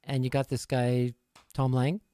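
Relaxed Canadian man, dry close sound. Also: medium pitch, a little slow, clean tone, no echo. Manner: relaxed, rambling, self-deprecating. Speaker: musician guest. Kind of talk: casual live-stream interview.

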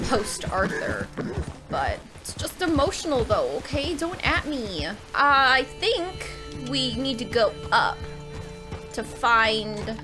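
A woman streaming a video game, chatting emotionally to viewers and swearing a lot. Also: mid-range voice. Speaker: gaming streamer. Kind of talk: casual let's-play commentary. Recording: game music behind voice.

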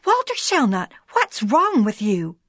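A woman voicing an alarmed, scolding rural wife, exclaiming in a shrill voice. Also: huge pitch swings, unhurried, a bit bright, no echo, studio quality, exaggerated voice. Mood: startled.

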